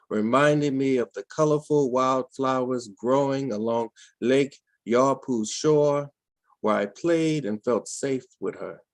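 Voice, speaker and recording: Man, poetry reading, solemn, unhurried, dry room, video call mic. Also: medium pitch, no echo. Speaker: open mic poet. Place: home room, dry sound. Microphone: home computer mic on a video call.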